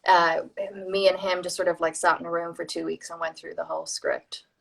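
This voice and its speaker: A woman's voice: on the low side, brisk, vocal fry. An Irish woman guest in a casual interview, telling stories and acting out what people said. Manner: animated storytelling, acts out quoted people. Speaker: actor, guest.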